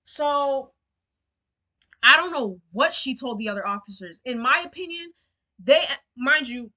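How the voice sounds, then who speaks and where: Her voice sits a little high, bright and forceful as this young storyteller vlogger recounts a storytime to camera. Indignant and emotional, she curses openly and leans heavily on filler words.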